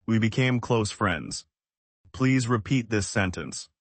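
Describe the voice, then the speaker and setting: A man from the United States, teaching English in slow, simple, evenly paced sentences. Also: fairly low pitch, animated, no room sound. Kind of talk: slow scripted lesson.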